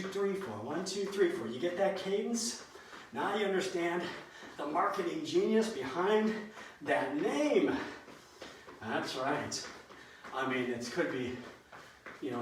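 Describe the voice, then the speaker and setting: A fitness instructor with a fairly high, slightly bright voice leads a live workout class, counting reps and cueing moves with joking asides. The mic is distant in an echoey room, with faint noise.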